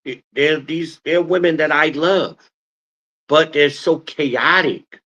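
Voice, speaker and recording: Forceful rambling man on a livestream. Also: fairly high pitch, takes it slowly. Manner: rambling, swears, raises his voice forcefully. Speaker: podcast host. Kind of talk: casual livestream talk. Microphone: phone.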